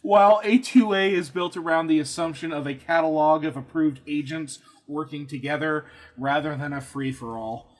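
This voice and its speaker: A man's voice: fairly high pitch, moderate pace, hardly any pauses. A man co-hosting a podcast who reads from an article in casual chat, laughing and swearing easily. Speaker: podcast co-host.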